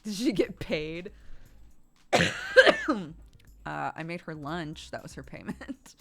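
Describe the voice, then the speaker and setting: A woman's voice: low-pitched, sing-song, slow, gravelly, a bit bright. A woman in her thirties, streaming and chatting casually while gaming, telling stories and laughing often.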